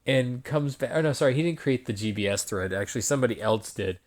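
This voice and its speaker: A man's voice: medium pitch, expressive, fast. A man hosting a podcast, telling a long story in loose, profane, laughing casual chat. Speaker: podcast host.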